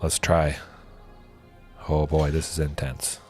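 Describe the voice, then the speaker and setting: A man streaming a card game, commenting casually and thinking aloud, with excited exclamations and a lingering cough. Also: extremely low pitch, takes it slowly, music in the background. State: coughing, with a cold.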